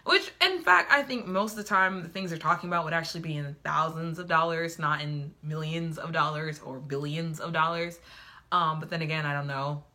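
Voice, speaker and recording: A woman's voice: deep voice, pushed and bright. A young woman reviewing a book in casual chat, rambling and full of "like", going off on tangents.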